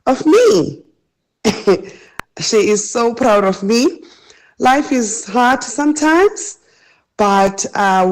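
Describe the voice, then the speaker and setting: A woman's voice: mid-range voice, poor audio. A woman calling in to a radio show, speaking in a reflective, heartfelt way. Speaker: radio caller. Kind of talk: call-in chat.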